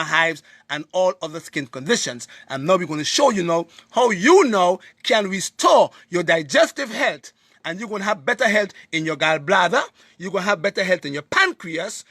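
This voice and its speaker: Caribbean man, preachy health educator, high lively voice with a husky edge. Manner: preachy, emphatic, repeats points and quizzes listeners. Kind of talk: lively health talk to an audience.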